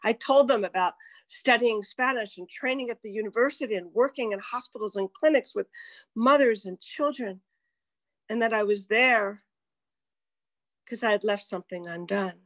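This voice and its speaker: An older woman telling a personal story in a slow, deliberate way, dropping to a whisper at tense moments. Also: mid-range voice, no echo. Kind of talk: personal story told to an audience.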